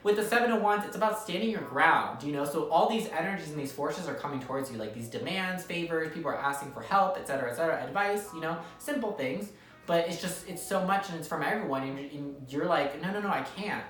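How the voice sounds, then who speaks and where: In an echoey room with the mic set back, a woman with a deep, slightly bright voice talks fast and with lively intonation. She's doing a casual tarot reading for viewers, rambling and repeating herself, often asking "okay?"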